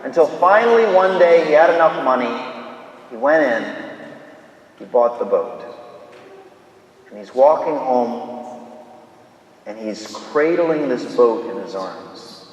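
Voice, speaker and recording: A man, a Catholic priest, giving a slow, deliberate sermon with a story woven in, recorded in a large church. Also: mid-range voice, very animated, highs cut off. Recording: echoey church hall from far off.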